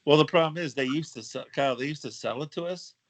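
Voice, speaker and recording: A man's voice: on the high side, quick pace, low-quality recording. Easygoing man recalling old times. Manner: easygoing, recalls things with fillers and restarts. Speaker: podcast guest. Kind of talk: casual chat among old friends.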